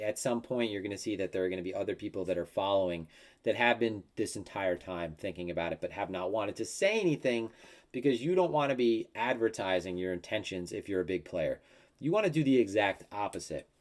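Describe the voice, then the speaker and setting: A man with a lowish voice rambles easily through his crypto charts on a live analysis stream. He slips into offhand mock quotes and talks it out as he thinks. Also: a little mellow. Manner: rambling and conversational, with many fillers and mock quotes.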